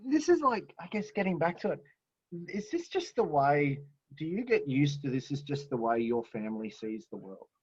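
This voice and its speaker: A man's voice: a little high, big pitch swings, normal speed, darkish tone, husky, no echo. A man hosting a casual interview podcast, asking rambling questions with restarts. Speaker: podcast host. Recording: dull, dry lo-fi recording.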